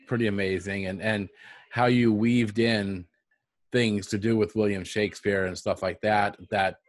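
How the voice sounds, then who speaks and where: A male radio host, interviewing a guest in a halting, enthusiastic way. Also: lowish voice, dry recording. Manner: enthusiastic, halting, lots of fillers. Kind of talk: casual interview.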